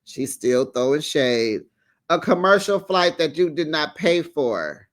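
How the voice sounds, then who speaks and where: A man hosting a casual recap of a reality show, sassy and animated, with lots of "honey" and "child". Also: fairly high pitch, takes it slowly. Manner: acts out the quotes in put-on voices.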